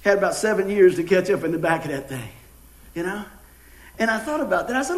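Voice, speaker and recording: A middle-aged pastor, preaching a sermon with jokes and folksy storytelling. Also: male voice, high-pitched, quick pace. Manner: folksy, joking, animated storytelling. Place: church sanctuary. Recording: echoey church room.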